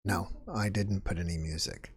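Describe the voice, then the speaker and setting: A man's voice: low-pitched, fairly even intonation, normal speed. A man hosting a live stream and taking callers, chatting casually, correcting himself and thanking viewers as he goes. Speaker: livestream host taking callers.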